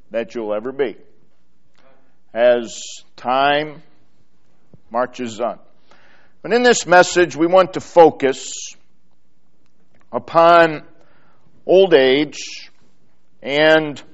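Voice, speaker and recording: A man delivering a sermon at a very slow, measured pace, leaning on pauses and repeating key words for emphasis. His voice sits a little high for a man. The recording is dull and lo-fi. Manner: slow, deliberate delivery with emphatic pauses, reading scripture aloud. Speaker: preacher.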